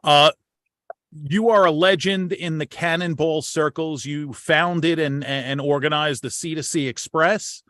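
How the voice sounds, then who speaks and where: A slightly high-voiced American man hosts a relaxed conversation, circling back and repeating himself as he works toward a point. His voice sounds dry and close to the mic. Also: measured pace, no room sound. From United States. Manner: rambling, repeats words when starting. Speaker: podcast host. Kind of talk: casual chat.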